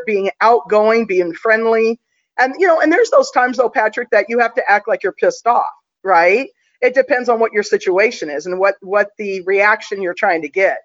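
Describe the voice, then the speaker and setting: A woman's voice: on the high side, highs cut off. A woman guest telling a story in a casual, confident, chatty way, with plenty of fillers.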